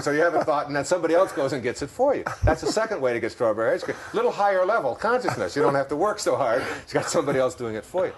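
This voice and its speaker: A man's mid-range, sing-song voice carries a Detroit accent as he speaks fast in conversation. He is a self-help author on an interview as a guest, reflective and storytelling, and he laughs a lot while talking.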